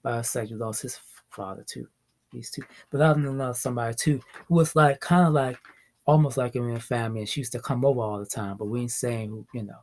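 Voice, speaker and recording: A young man talks through wrestling news in a loose, rambling way at an ordinary middle pitch. He laughs often and drifts between excited bursts and low mumbles. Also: quick pace. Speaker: vlogger. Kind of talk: casual wrestling news chat.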